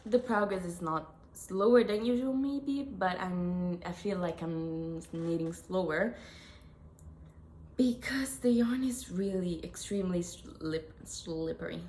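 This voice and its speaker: Young Italian-accented woman hosting a knitting vlog, unhurried, lowish voice, echoey room with faint hiss. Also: darkish tone. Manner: chatty, self-correcting, giggly asides. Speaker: knitting podcast host. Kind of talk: casual chat to camera.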